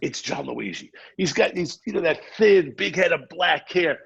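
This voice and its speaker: Brief: middle-aged man, gravelly husky voice, pitched a bit high, animated storyteller, dull lo-fi podcast sound. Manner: fast, energetic anecdote-telling with quoted asides. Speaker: podcast guest.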